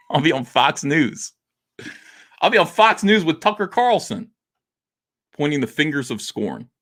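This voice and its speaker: A man hosting a comics livestream, talking in a theatrical monologue that swings between quiet and loud, with frequent laughs. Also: a little high, sing-song, a little slow, long pauses.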